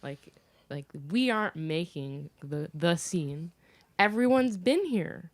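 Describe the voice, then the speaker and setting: A woman's voice: on the low side, lively intonation, takes it slowly, no echo. A woman guest on a podcast who speaks earnestly and thoughtfully, with a lot of filler words. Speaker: podcast guest, cannabis event founder. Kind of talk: casual podcast chat.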